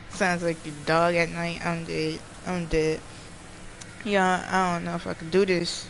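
A gaming streamer giving live commentary while playing, jumpy, often yelling and laughing and talking to the chat. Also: medium pitch, takes it slowly, gravelly, a little hiss or hum, poor audio.

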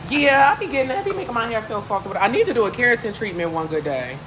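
A woman's voice: fairly high pitch, sing-song, quick pace. Chatty young woman in a noisy salon. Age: young adult. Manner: chatty, hypes along with the story. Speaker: vlogger and salon client. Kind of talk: casual chat. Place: hair salon, indoors. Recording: loud background noise.

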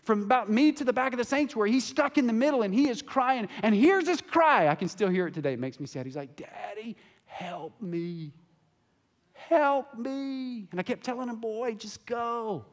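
A man preaching a sermon as pastor in a church sanctuary, swinging between hushed and loud. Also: very high voice, very animated, fast talker, few pauses.

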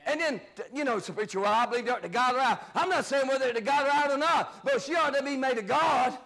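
High-pitched shouting preacher. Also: male voice, quick pace, vocal fry. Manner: shouting preacher, drops to low asides. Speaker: pastor. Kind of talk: fiery sermon.

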